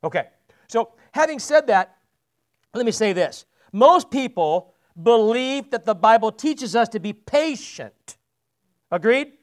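A man's voice: very high-pitched, fairly bright tone. A man preaching a sermon as pastor, chatting with the congregation and putting questions to them. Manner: conversational, asks the congregation questions. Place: church sanctuary.

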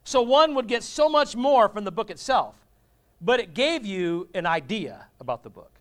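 Brief: male pastor, conversational sermon with humor, slightly high pitch, turns questions on the crowd. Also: expressive, normal speed, fairly bright tone. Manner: humorous, conversational, asks the congregation.

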